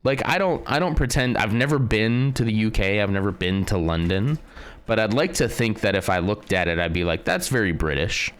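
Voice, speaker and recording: A fairly low-pitched man talking casually on a live stream. His voice moves around a lot, jumping up when he greets viewers and sinking low when he's unsure. He thinks aloud in a relaxed, conversational way. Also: fairly quick, clear, resonant tone. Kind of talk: casual live-stream chat while playing a guessing game.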